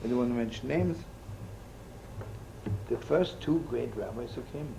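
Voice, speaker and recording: A man's voice: medium pitch, normal speed, creaky, warm tone, rough recording. A man giving a storytelling sermon with jokes, acting out the voices in his stories. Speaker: rabbi giving a talk. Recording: live talk with faint room noise.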